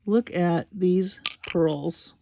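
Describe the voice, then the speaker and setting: Woman, unboxing chat, unhurried drawl, low-pitched, gushing exclamations. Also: creaky, noisy background. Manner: gushing, slow and admiring, soft exclamations. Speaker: crafting video host. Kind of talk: unboxing commentary.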